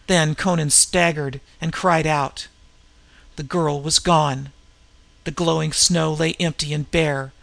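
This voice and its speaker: Brief: dramatic male narrator, bright and forceful, close dry sound. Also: on the high side, creaky, no room sound. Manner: dramatic, measured. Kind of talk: audiobook narration.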